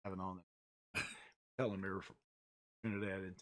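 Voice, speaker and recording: A gruff-voiced middle-aged man hosting a laid-back radio chat from the studio. He talks in a loose, joking way, restarting sentences and stumbling over words as he goes. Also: deep voice, flat delivery, fast talker. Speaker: radio show host. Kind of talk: casual talk radio chat.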